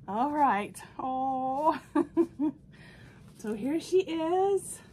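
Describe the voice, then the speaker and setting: A woman's voice: fairly high pitch, animated, takes it slowly, pauses often, a little mellow, a little hiss or hum. A woman vlogger chatting casually through a box opening, gushing and sentimental. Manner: gushing, sentimental, easily moved. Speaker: doll collector vlogger.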